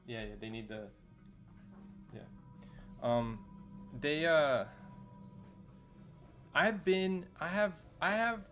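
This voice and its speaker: A man's voice: mid-range voice, a bit bright. A man streaming a video game, chatting in a loose, rambling way full of fillers and casual slang. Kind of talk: casual chat while streaming gameplay. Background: faint background music.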